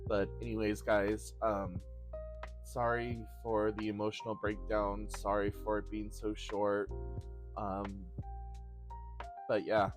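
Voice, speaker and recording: A man hosting a podcast, crying through a halting, raw personal monologue. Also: fairly low pitch, monotone, over music. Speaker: podcast host.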